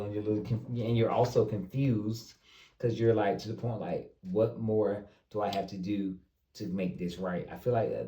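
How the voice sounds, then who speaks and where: Male tarot reader, low mellow voice, casual and repetitive; roomy, distant sound. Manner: loose, repeats himself, talks straight to viewers. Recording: roomy, distant mic with faint noise.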